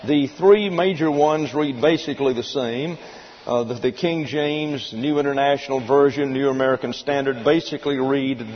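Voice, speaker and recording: A man teaching a Bible sermon slowly and deliberately, spelling out Greek words letter by letter. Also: mid-range voice, a little hiss or hum. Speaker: preacher. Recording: dull lo-fi recording with long hall reverb.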